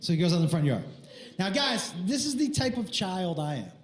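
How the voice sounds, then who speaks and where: A male stand-up comedian telling a story excitedly, laughing through his lines and acting out the sounds, on stage in a comedy club. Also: high-pitched, moderate pace. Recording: echoey club with crowd noise.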